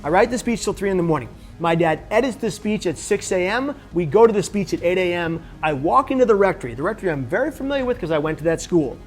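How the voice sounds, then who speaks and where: A man with a slightly high voice tells a personal story straight to camera. He is animated and jumps into the voices of the people he quotes. Faint music plays underneath. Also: fast, few pauses. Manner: animated, acts out other people's lines in the story. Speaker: suicide prevention speaker.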